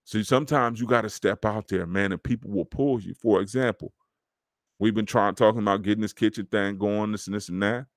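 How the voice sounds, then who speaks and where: A low-voiced man hosts his own podcast, talking in a loose, slangy, preachy way. His voice sits close and dry, with no room sound around it. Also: steady tone, brisk, no room sound. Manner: casual, preachy, slangy, addresses listeners as dog. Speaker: podcast host. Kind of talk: motivational podcast monologue.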